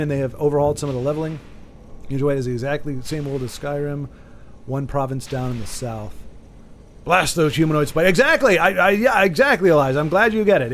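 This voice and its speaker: A man streaming a game and chatting casually, rambling with frequent restarts and sudden excited bursts. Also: a little high, slight background noise. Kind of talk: casual chat while gaming.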